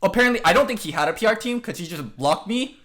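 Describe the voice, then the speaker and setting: Man, podcast host, quick talker, a bit high-pitched, excitable, swears. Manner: excited, profane storytelling. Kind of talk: casual podcast chat.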